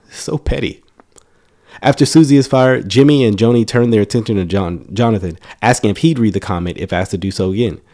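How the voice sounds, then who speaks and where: A man's voice: on the low side, dark tone. A man reading a news article aloud and commenting on it in a casual, emphatic way, often restarting his words. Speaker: YouTube commentator.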